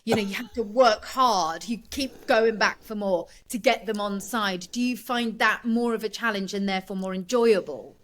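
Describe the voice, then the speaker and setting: A woman hosting a casual interview, chatty and quick to laugh, with loose, rambling questions. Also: medium pitch. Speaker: interview host.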